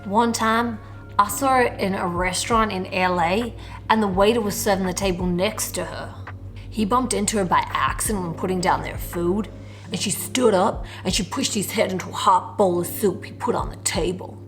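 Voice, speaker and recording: A woman playing a deadpan storyteller, flat, matter-of-fact, lower voice, soft music behind. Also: normal speed, lightly acted. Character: deadpan person telling a dubious anecdote.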